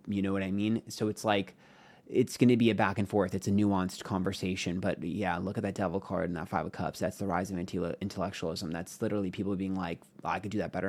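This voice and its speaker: A man giving a casual tarot reading on camera. He talks in a frank, rambling way, swearing often and using many fillers. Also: on the low side. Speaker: tarot reader.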